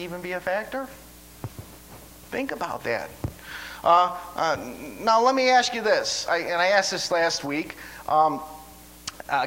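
High bright-voiced man preaching. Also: low-quality recording. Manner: stammering restarts, folksy asides. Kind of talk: sermon.

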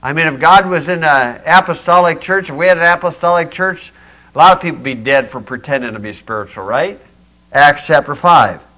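A man's voice: fairly high pitch, a little fast, pushed and bright. A man preaching a sermon to a small congregation, mixing pointed rhetorical questions with folksy jokes. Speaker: pastor. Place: small church building.

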